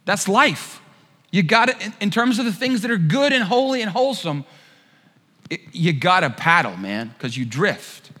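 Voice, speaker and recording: A man's voice: sits high, normal speed. A man preaching a sermon, telling a funny personal story and acting out the quoted voices in it before turning it into a lesson. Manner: animated storyteller, acts out quotes with shouts. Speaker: pastor. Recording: long hall reverb.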